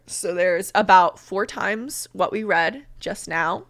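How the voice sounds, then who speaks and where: A woman's voice: mid-range voice, slow, hardly any pauses, a bit bright, no echo, studio quality. A woman YouTuber reading a story aloud and breaking off for self-mocking asides.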